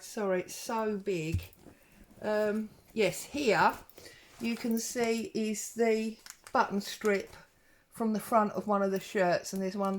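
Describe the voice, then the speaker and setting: Lady doing a craft show and tell from home, talks real slow, lots of ums, chatty with the viewers. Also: medium pitch. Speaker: craft vlogger host.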